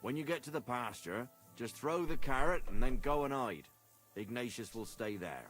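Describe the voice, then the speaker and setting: A man's voice: moderate pace, soft background music, lightly acted. An actor playing a coarse, swearing male herdsman in a video game, fed up with wolves. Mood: helpful. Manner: coarse, swearing, lively pitch. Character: gruff male herdsman, foul-mouthed and fed up.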